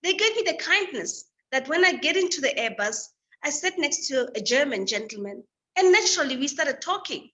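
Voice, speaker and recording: A woman from Africa, a guest, telling a personal story in an animated, lively way over a video call. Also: high voice, moderate pace, hardly any pauses. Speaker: guest speaker.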